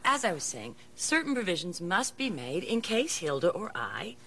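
A level-headed, patient aunt. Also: female voice, on the low side, very animated, moderate pace, a bit bright. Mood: calm. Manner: composed, sensible, patient. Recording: studio audience laughter and noise.

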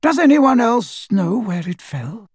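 A man voicing a kindly elderly male wizard headmaster in a high, airy, gentle voice, slow and approving, in an audiobook. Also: big pitch swings, gravelly, breathy edge, no echo, clean studio sound, exaggerated voice. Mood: gently proud. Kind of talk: audiobook character voice.

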